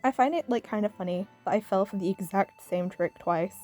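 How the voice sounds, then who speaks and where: A woman's voice: mid-range voice, fairly quick, dark tone, soft background music. A British woman giving a casual, rambling video review, full of "like" and "um" and frequent little laughs. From Britain. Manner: rambling, peppered with "like" and "um", laughs often.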